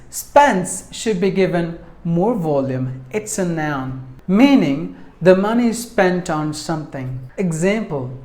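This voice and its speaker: A man gives a pronunciation lesson at an unhurried, measured pace. He says each word several times and splits it into syllables. His voice carries in an echoey room. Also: a little high, darkish tone. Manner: deliberate, repeats each word and breaks it into syllables. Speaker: English pronunciation teacher.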